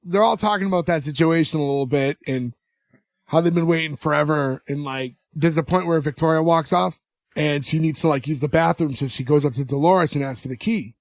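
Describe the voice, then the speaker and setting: A man's voice: fairly high pitch, brisk, no echo. A man co-hosting a podcast, casually retelling a TV episode scene by scene and acting out bits of dialogue. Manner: animated storyteller acting out dialogue. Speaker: podcast co-host recapping an episode.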